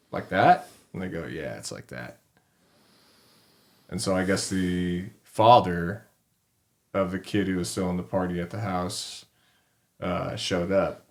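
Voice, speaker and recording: Deep-voiced man telling his story. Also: flat delivery, moderate pace. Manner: laid-back, swears freely. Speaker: podcast guest, retired fighter. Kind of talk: casual storytelling.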